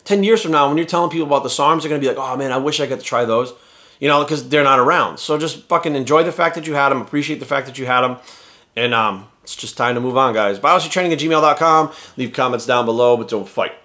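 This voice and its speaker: A man's voice: medium pitch, quick pace, sharp tone. A man and fitness vlogger ranting bluntly to his viewers, lecturing with heavy swearing. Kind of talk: profane casual rant to viewers.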